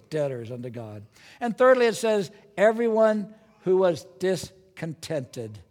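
Preaching as a pastor, a man delivers an animated, dramatic sermon, posing rhetorical questions and acting out his listeners' voices. His pitch is fairly high, and the recording carries a long reverb tail.

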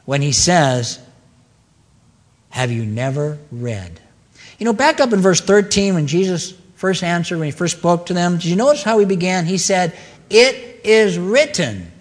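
Preaching man in a reverberant hall. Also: on the high side. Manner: earnest preaching with emphatic repeated phrases. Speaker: pastor. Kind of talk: sermon.

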